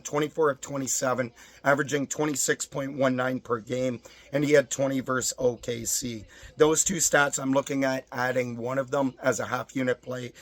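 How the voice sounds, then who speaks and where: Brief: hoarse, strained man, sports tipster reading stats, dry close sound. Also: medium pitch, no room sound. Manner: rattles off stats in list form. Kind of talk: casual betting picks and rant.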